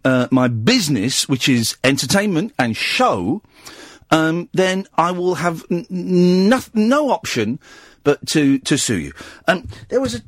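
Husky, lively-voiced man hosting radio. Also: on the high side, no room sound, clean studio sound. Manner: jokey, rambling, mock-indignant. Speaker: radio host. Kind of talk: late-night radio phone-in chat. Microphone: studio mic.

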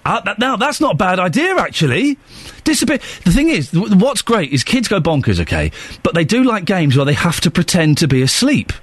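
A man's voice: sits high, sing-song, brisk, slightly rough, no echo. A man hosting a radio show, bantering playfully and mocking himself. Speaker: radio host. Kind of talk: casual radio chat.

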